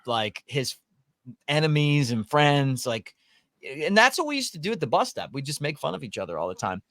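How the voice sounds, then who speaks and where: A man's voice: fairly high pitch, big pitch swings, moderate pace, a bit bright, dry recording. Man, show host, folksy rambling talk, casual chat, dry close sound. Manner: rambling, folksy, many restarts. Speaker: podcast host.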